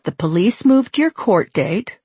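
A woman's voice: medium pitch, very animated, unhurried, darkish tone, husky, dry recording, full character voice. Woman reading a patient cartoon mom. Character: middle-aged cartoon mother, patient and worried.

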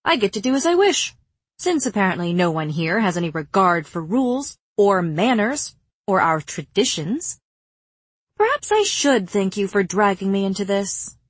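A woman's voice: medium pitch, very animated, moderate pace, slightly rough, no echo. A woman reading an audiobook, voicing a bitter, haughty young woman who speaks in clipped, contemptuous tones. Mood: scornful.

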